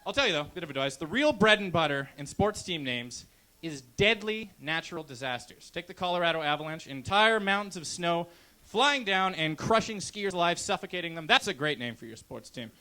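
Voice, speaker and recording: A young man from Canada doing a brash, deadpan stand-up comedy set on a club stage into a handheld mic. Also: on the high side, brisk.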